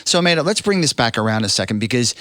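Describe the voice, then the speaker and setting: A man's voice: mid-range voice, very animated, rapid-fire, a bit bright, no echo, studio quality. A man hosting an interview podcast, affirming his guest and building to an emphatic pep talk. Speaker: podcast host. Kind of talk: interview, encouraging.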